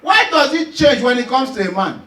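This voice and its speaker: A man with a Nigerian accent performing stand-up comedy, telling stories loudly and animatedly with shouts and laughs. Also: extremely high pitch, sing-song, brisk, echoey room, recorded from a distance, poor audio.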